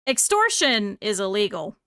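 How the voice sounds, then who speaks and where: A woman voicing an irritable man in charge who is gruff, exasperated and cornered. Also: medium pitch, big pitch swings, moderate pace, bright, forceful tone, dry recording, clean studio sound. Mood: resigned. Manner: gruff, exasperated, turns panicky.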